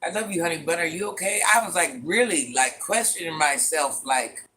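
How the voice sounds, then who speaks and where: A man with a fairly high, animated, sharp voice talks fairly quickly while playing a granny character on a casual livestream. Chatty and dramatic, he greets viewers by name, calls them "child" and "honey bun," and repeats lines for effect.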